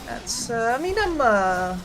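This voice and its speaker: A woman's voice: on the high side, sing-song, measured pace, over music. A woman giving esports color commentary, wry and easygoing in her analysis and banter. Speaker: esports co-caster.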